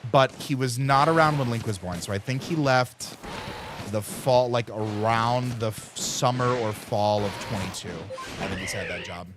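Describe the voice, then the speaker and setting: There's noise behind him as a man in his thirties, who streams, tells a loose, wandering story at normal speed. His pitch sits in the middle, his speech is full of fillers, and he mimics his friends as he goes.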